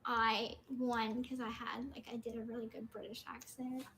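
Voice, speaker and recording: A woman's voice: fairly high pitch, little pitch movement, normal speed, a bit bright, slight background noise. A woman chatting on a livestream, bubbly and talkative, thanking viewers by name. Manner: chatty, bubbly, reads viewer names aloud. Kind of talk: casual chat.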